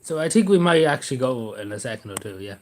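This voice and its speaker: A man's voice: medium pitch, very animated, quick pace, darkish tone. A man hosting a casual livestream, rambling and sarcastic, with jokey asides. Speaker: livestream host.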